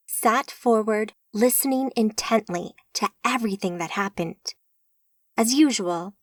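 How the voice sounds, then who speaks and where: A woman narrating an audiobook in a measured, unhurried reading. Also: mid-range voice, dry recording, clean studio sound. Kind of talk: scripted narration.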